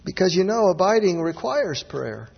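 Husky high-pitched guy preaching a sermon, gets emphatic, muffled lo-fi sound with big hall echo. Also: very animated, normal speed. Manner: emphatic preaching, rising to exclamations. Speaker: pastor. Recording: dull lo-fi audio with long hall reverb.

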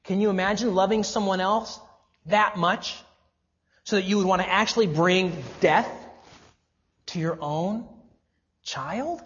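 A man delivering a sermon in an emphatic voice. He leans on rhetorical questions and slows right down to stress the key phrases. The recording sounds dull and lo-fi, with the top end missing. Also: high-pitched, fairly even intonation, a bit bright. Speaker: preacher.

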